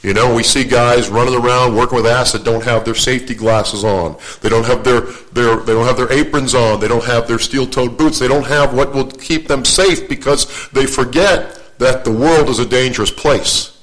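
A man's voice: mid-range voice, steady tone, normal speed, few pauses, a bit bright, poor audio. Folksy older man preaching with jokes. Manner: joking, self-deprecating, repeats and restarts phrases. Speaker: guest preacher. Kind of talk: folksy storytelling sermon.

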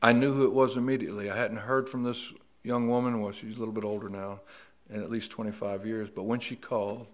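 A middle-aged man preaching a sermon, slow and deliberate, rising to emphatic stress on key words. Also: lowish voice, fairly even intonation.

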